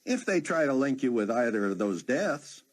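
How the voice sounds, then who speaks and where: Narrator doing a teasing buddy, higher voice, blunt. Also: male voice, very animated, normal speed.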